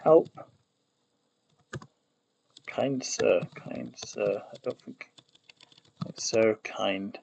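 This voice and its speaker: His voice is on the low side, creaky and darkish with a breathy edge, and he speaks slowly with fairly even intonation. The man is streaming from his desk as he builds a made-up language, muttering his thoughts aloud, trailing off and correcting himself. Behind him, a keyboard clicks and types.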